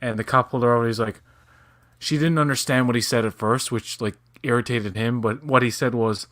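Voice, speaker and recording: A man's voice: medium pitch, steady tone, brisk, fairly bright tone, no echo, studio quality. A man co-hosting a casual watch-along chat, rambling loosely with many fillers. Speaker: podcast co-host.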